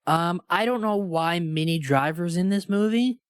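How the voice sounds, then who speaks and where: A man's voice: high voice, normal speed, smooth, dry recording, clean studio sound. A man co-hosting a casual movie review podcast, talking enthusiastically and rambling with many restarts. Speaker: podcast co-host. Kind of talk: casual film review chat.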